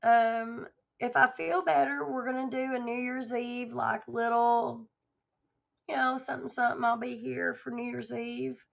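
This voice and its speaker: A tired livestream host chats affectionately with her viewers, rambling and laughing often as her voice starts to give out. Her voice is on the high side, creaky, flat, and a little slow, and the stream audio is dull and lo-fi.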